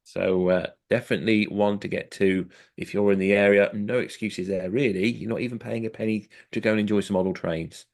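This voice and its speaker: British male podcast co-host, low gravelly voice, easygoing, filler-heavy delivery. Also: fairly quick, hardly any pauses. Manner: relaxed, chatty, many fillers and self-deprecating laughs. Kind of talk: casual podcast listings.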